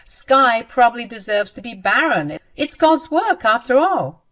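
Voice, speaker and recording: A woman's voice: fairly high pitch, sing-song, a little slow, a bit bright, voice pushed up. A woman voicing a spiteful, smug young sister-in-law in a dramatized story. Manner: smug, dismissive.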